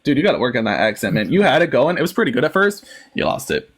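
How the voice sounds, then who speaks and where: Male livestream host, sarcastic, mocking, debate style, mid pitch. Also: very animated, quick pace, slightly rough. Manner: sarcastic, mocking, jumps between a put-on folksy drawl and plain talk. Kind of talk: live-stream political debate.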